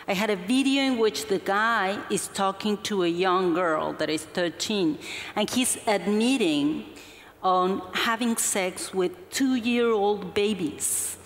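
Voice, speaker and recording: A woman, a journalist guest telling her story onstage with earnest, halting restarts. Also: mid-range voice. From Mexico. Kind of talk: onstage conversation. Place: festival stage before an audience. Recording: hall reverb from a live event.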